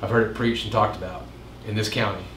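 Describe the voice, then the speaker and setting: A pastor giving a casual midweek Bible teaching, chatting with jokes and asides and acting out quoted lines in a raised voice. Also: male voice, fairly even intonation, fast talker. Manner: conversational, jokes and asides, acts out quotes with rising pitch. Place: meeting room. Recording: roomy echo, faint room noise.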